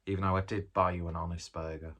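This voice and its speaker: A man's voice: low voice, level tone, fast talker, a bit bright. A man, chatting casually while reviewing and eating a pizza, rambling from one aside to the next. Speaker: food reviewer. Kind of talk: casual food review vlog.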